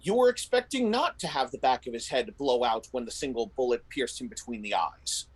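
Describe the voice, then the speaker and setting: A man's voice: medium pitch, fairly quick, husky, low-quality recording. A man narrating a tabletop role-playing game as game master, telling the scene in vivid detail. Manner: descriptive, animated storytelling with frequent restarts.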